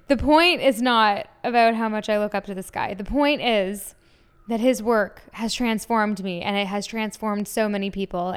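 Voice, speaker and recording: A woman's voice: medium pitch, clean tone. A woman in her twenties hosting a casual solo podcast, gushing enthusiastically and filling her talk with "like". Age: 20s. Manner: gushing, enthusiastic, many "like" fillers. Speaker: podcast host.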